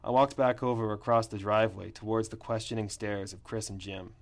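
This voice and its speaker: A man narrating a first-person story in a plain, steady reading voice. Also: lowish voice, a little fast, few pauses.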